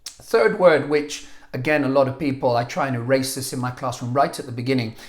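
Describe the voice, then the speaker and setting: A man teaching a language lesson on video, animated, jokey and a bit exasperated. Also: mid-range voice, brisk. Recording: echoey room.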